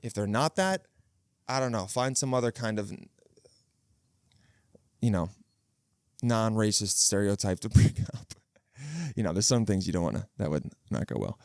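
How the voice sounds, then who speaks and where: A man's voice: fairly low pitch, lively intonation, normal speed, pauses often, darkish tone, no echo. A man in his thirties hosting a casual solo podcast, rambling and joking with plenty of swearing and restarted phrases, close on the mic. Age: 30s. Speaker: podcast host. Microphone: close studio mic.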